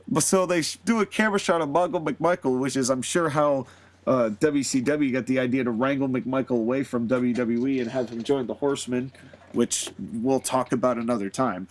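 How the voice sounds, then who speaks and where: A man hosting a podcast, talking casually and at length, rambling with many fillers and frequent laughs. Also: mid-range voice. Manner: rambling, animated, laughs often, lots of fillers. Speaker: podcast host. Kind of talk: casual solo commentary.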